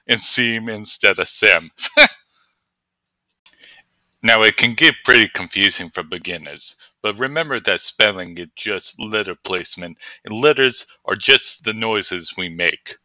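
A man voicing an excitable male Australian outdoors presenter who rambles through a pronunciation lesson. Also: lowish voice, no echo. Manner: excitable, rambling tutorial patter.

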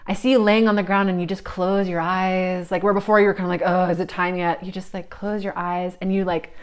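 A woman giving a psychic reading, talking in a searching, meandering way with many fillers, often drifting soft and reflective. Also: mid-range voice, level tone, brisk, smooth. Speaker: psychic reader.

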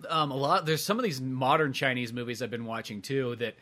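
A man's voice: medium pitch, brisk, pushed and bright. A man co-hosting a podcast in casual chat, rambling, swearing often and laughing a lot. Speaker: podcast co-host.

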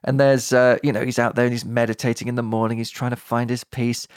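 A man's voice: medium pitch, flat delivery, fast talker, no room sound, clean studio sound. A man co-hosting a podcast, chatting playfully and mock-sternly. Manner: playful, mock-stern, quotes lines in put-on voices. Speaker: podcast co-host. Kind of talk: casual banter.

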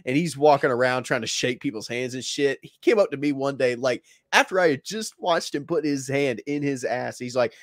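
A man's voice: medium pitch, lively intonation, a little fast, no echo, studio quality. A man hosting a casual podcast, a crude, laughing storyteller, a little stuffy from a cold. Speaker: podcast host.

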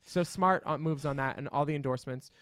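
A man's voice: on the high side, fairly quick, fairly bright tone, no echo, studio quality. A man guesting on a podcast, chatting casually with a campy, witty, sassy delivery. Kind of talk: casual chat.

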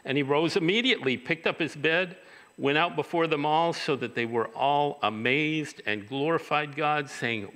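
A man's voice: fairly high pitch, moderate pace, bright, forceful tone, long reverb tail. A man preaching a sermon as a pastor, talking conversationally and asking the congregation questions.

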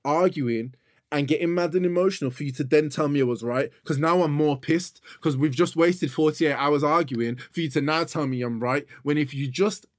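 Young man, podcast co-host, insistent and repetitive, slightly high voice, dry close mic. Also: normal speed, dry recording. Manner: insistent, repeats himself, talks over his partner. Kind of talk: heated casual argument.

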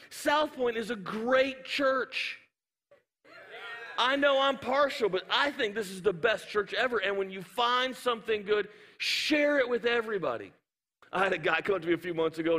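A man preaching a sermon in a church auditorium, telling funny stories with animated asides. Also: sits high, in a large hall. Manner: humorous storytelling, animated asides. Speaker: pastor.

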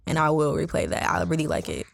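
A woman's voice: sits low, very animated, fast talker, vocal fry, slight background noise. A woman chats casually on a podcast. She is laid-back and gives brief, easygoing replies, speaking plainly without fuss. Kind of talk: casual chat.

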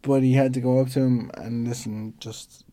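A man co-hosting a casual chat show, relaxed and self-deprecating, often trailing off into fillers. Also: mid-range voice, moderate pace. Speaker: podcast co-host.

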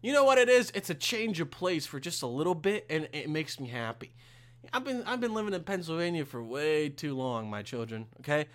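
A young man hosting his own podcast, ranting casually to the camera in a profane, rambling way with loud bursts of exasperation. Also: a little high, sing-song, moderate pace. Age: young adult. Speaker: podcast host.

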